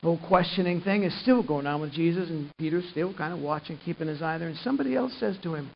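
A man preaching a sermon and retelling a gospel story, swinging from quiet narration up to loud, emphatic passages. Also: a little high, fast, creaky, few pauses. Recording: muffled lo-fi recording with faint hiss.

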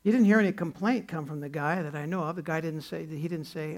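Pastor, male, high gravelly voice, conversational sermon delivery. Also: fast, darkish tone. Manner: conversational preaching, acts out quoted characters.

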